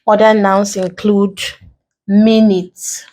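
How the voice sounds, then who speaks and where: A woman with a Nigerian English accent tutoring an exam-prep lesson, slow and deliberate, repeating key points as she writes on a board. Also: mid-range voice, flat delivery, a little mellow, low-quality recording.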